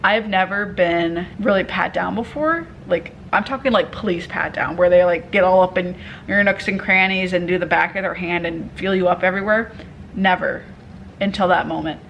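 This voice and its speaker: A young woman telling a story in a casual vlog, candid and animated, swearing freely and acting out what people said. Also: fairly low pitch, normal speed, dull audio, slight background noise. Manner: candid, animated retelling with profanity and quoted dialogue. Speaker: vlogger.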